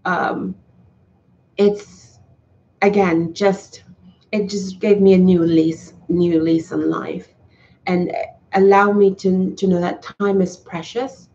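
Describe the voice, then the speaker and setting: A woman's voice: lowish voice, fairly even intonation, takes it slowly, mellow. A woman talking to her viewers in a casual live stream, heartfelt and earnest, often restarting her sentences. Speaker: YouTuber talking to live chat. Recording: slightly dull, lo-fi sound.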